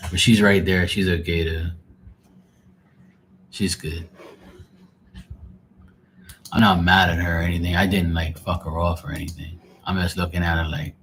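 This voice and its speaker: Deep-voiced male streamer, rambling, exasperated, foul-mouthed, faint hiss behind. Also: fairly bright tone. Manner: rambling, exasperated, swears freely. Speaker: live tarot reader. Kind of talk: casual live-stream chat.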